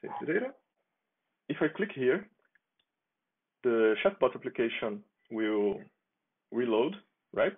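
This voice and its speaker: A man casually demonstrating his software project on a screen share, talking in a halting, unhurried way and chuckling as he goes. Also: mid-range voice, very animated. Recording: tinny phone-like lo-fi audio.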